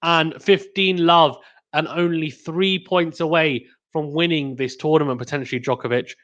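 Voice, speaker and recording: Male streamer, live tennis play-by-play, excitable on big points, slightly higher-pitched voice. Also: moderate pace, lo-fi sound. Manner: reads out chat messages to viewers.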